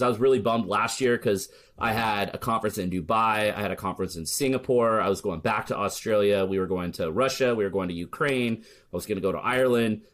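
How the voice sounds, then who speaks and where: A man from the United States talks in a low register as a podcast guest. His delivery is candid and chatty, with sarcastic little asides as he tells stories. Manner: candid, storytelling, swears, jokes sarcastically. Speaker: podcast guest, search marketer. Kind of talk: casual podcast interview.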